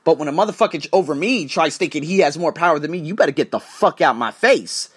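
Animated, profane male podcast host. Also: on the high side, fast, breathy edge. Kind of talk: casual monologue podcast.

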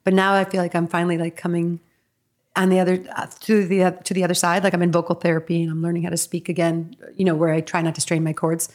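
A woman's voice: lowish voice, level tone, quick pace, a little mellow. Chatty, giggly woman guest. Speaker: podcast guest. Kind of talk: casual chat.

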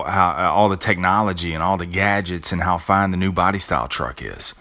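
A middle-aged man with a very low, deep voice talks through a motivational monologue as a podcast host. He speaks conversationally, often restarting and repeating words, with blunt and earthy asides. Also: a bit bright.

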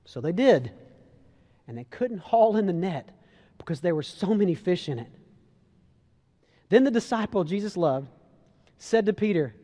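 A man preaching a casual, animated sermon, telling a story and acting out the voices. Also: sits high, moderate pace, pauses often, big-room sound. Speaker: pastor.

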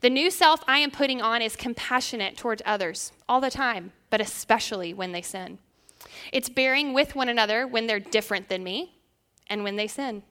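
A young woman with a Southern accent teaching a women's Bible study in an earnest, measured way, reading scripture aloud. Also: a little high, sharp tone, clean tone.

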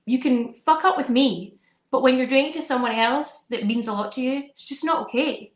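Animated woman, roomy echo. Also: high voice, normal speed. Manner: animated storytelling, acting out her kids' voices. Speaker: podcast co-host. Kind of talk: casual chat.

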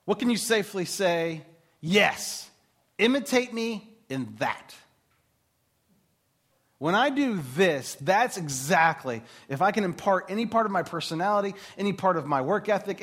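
Male pastor, 30s, chatty animated sermon delivery, slightly higher voice. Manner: conversational, animated preaching with asides.

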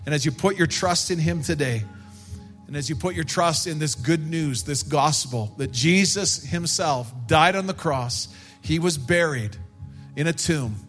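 Man, pastor, sermon, earnest, emphatic, slow, faint music behind. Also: a little high.

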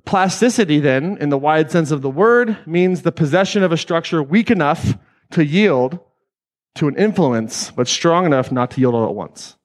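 Man, energetic seminar speaker, slightly high voice, joking, swears freely. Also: normal speed. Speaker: speaker at a live self-help event. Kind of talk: live seminar talk. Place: event hall with audience.

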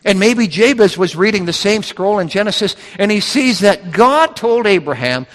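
A man's voice: high voice, lively intonation, normal speed, hardly any pauses, fairly bright tone. A man preaching a sermon from scripture, with emphatic, repetitive phrasing that builds in intensity. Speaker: pastor. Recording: reverberant hall.

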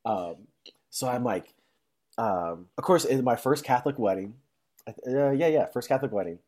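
Young man, casual storytelling, rambling, lots of fillers, mid-pitched voice. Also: lively intonation, normal speed, darkish tone. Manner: acts out quotes in high, exaggerated voices.

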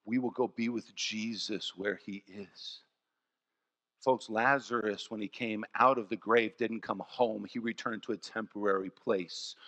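A pastor preaching a sermon, telling stories in an animated way and swinging from soft, low passages to loud ones. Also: male voice, a little slow. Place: church. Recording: long church reverb.

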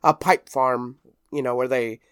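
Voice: mid-range voice, steady tone, unhurried, clean tone, no room sound, studio quality. A podcast guest telling a long story in casual chat, rambling, swearing freely and leaning on "like", acting out what other people said.

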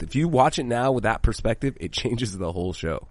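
A man co-hosting a podcast in casual, animated chat, swearing freely. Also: medium pitch, a little fast, dry recording. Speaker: podcast co-host.

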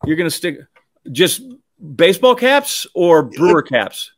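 A man co-hosting a casual chat, joking and easygoing, with quick short replies. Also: fairly high pitch, sing-song. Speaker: co-host.

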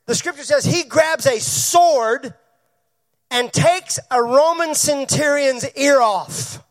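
A man's voice: very high-pitched, takes it slowly. A man preaching a sermon as pastor to his church, calling on members by name and asking them questions.

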